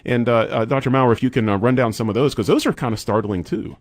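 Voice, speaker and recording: A man's voice: mid-range voice, quick pace, no echo. A young adult man hosting a casual radio interview, chatty with frequent restarts and sarcastic asides. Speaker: radio show host. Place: radio studio.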